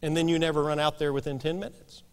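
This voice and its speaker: High-voiced pastor preaching in a reverberant church. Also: male voice, little pitch movement, fast talker. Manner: folksy, emphatic storytelling. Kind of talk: storytelling sermon. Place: church sanctuary. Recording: long reverb of a church hall.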